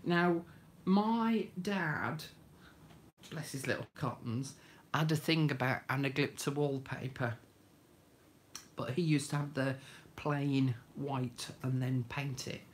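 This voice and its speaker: A woman's voice: rumbling low, takes it slowly, pauses often, slight background noise. Chatty woman hosting a craft stream. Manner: chatty, homely, talks to viewers by name. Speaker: craft tutorial host. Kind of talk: live craft demonstration.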